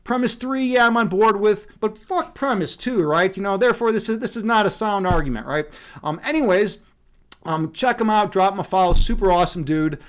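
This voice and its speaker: A man's voice: sits high, lively intonation, brisk, a bit bright. A man chatting casually on a livestream, rambling and profane, laughing often. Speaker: streamer.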